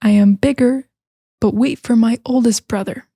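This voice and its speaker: A woman's voice: on the high side, fairly even intonation, normal speed, dark tone, slightly rough, dry recording, clean studio sound. A woman voicing the middle-sized billy goat, bargaining with the troll. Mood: persuasive.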